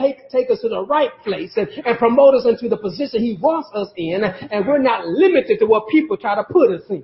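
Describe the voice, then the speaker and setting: High-voiced preacher in a roomy church. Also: male voice, lively intonation, brisk, few pauses. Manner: conversational preaching with call-outs and laughter. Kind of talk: sermon. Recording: roomy, dull lo-fi sermon audio.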